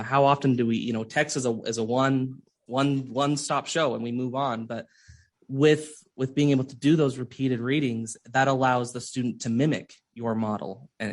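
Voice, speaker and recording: Earnest mid-pitched male guest. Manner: earnest, thinks aloud with restarts. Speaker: literacy researcher guest. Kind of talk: conversational podcast discussion.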